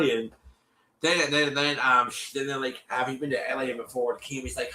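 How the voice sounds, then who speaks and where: A man hosting a show, recapping an episode in casual chat, animated and full of fillers, with a cough. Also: mid-range voice, normal speed, reverberant, low-quality recording. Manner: animated, lots of fillers and repeats, acts out quotes.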